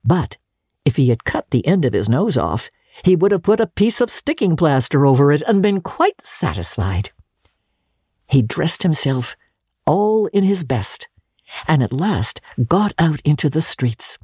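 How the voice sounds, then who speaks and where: A woman narrating a classic story as an audiobook, animated and lilting. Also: deep voice, a little slow, husky, no echo, studio quality. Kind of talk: expressive audiobook reading.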